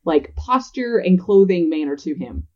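A woman's voice: lowish voice, animated, normal speed, darkish tone. A woman from Tennessee with a Southern accent, co-hosting a casual movie recap chat and laughing often. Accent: Southern American. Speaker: podcast co-host. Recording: slightly dull lo-fi sound.

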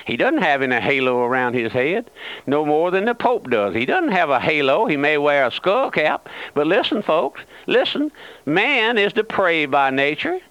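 A man's voice: a little high, big pitch swings, moderate pace, a bit bright, no echo, lo-fi sound. An older man preaching a fervent radio sermon, repeating phrases and calling himself by a nickname.

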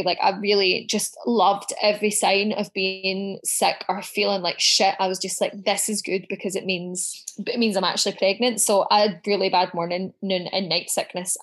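A woman as a podcast guest, telling stories in a lively way and swearing as she goes. Her voice sits in a middle pitch, and she acts out what she said back then with plenty of drama. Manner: animated storyteller, swears freely, acts out her own quotes. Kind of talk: casual chat.

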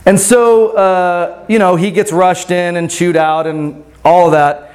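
A man's voice: sits high, steady tone, a little slow, darkish tone. A pastor telling a story to his congregation in a casual sermon, often checking in with "right?".

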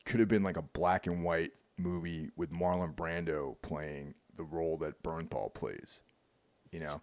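Deep-voiced rambling podcast man. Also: measured pace, darkish tone, no echo. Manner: rambling, heavy with fillers like "you know" and "like". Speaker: podcast co-host. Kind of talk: casual chat.

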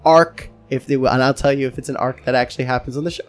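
A man hosting a casual podcast, excitable and profane, laughing as he talks. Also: mid-range voice, quick pace, faint music behind. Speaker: podcast host.

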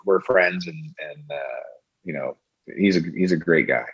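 A rambling male actor guest with a lowish voice, chatting loosely and filling pauses with "uh" and "you know". The audio is dull and lo-fi, as from a remote call. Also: a bit bright, breathy edge. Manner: rambling, many fillers. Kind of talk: casual interview chat.

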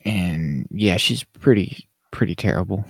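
A man's voice: sits low, lively intonation, unhurried, creaky, breathy edge, no echo, clean studio sound. A man co-hosting a podcast, chatting casually about a TV show in a rambling way, with lots of fillers and restarts. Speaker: podcast co-host. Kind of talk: casual chat reviewing TV.

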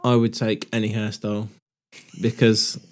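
A man's voice: lowish voice, monotone, moderate pace. A man co-hosting a comedy podcast, blunt and sweary in his banter. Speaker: podcast co-host. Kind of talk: casual comedy chat.

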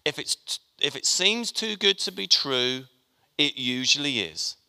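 A man's voice: fairly high pitch, animated, unhurried, gravelly, sharp tone, clean tone. A man preaching a sermon, chatty and joking with his congregation as he talks. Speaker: pastor. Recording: long hall reverb.

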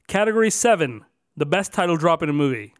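A man's voice: fairly high pitch, expressive, fast, no echo, faint music behind. A man co-hosting a casual podcast, announcing numbered categories with extra emphasis and then chatting loosely. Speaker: podcast co-host.

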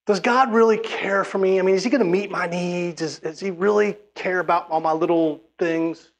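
Reading from scripture, a preacher with a high voice exhorts his congregation in emphatic tones at normal speed. His intonation stays fairly even, and he often restarts his sentences.

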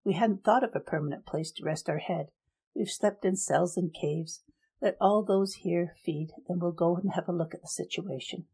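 In a storybook reading, a woman gives voice to a cold young male emperor, issuing measured, formal decrees. Her voice is on the low side, dark in tone and husky.

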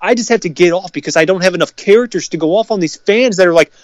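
A podcast co-host rants heatedly about fans who complain, swearing constantly in this profane sports rant. His voice sits high and moves at a quick pace, with no room sound.

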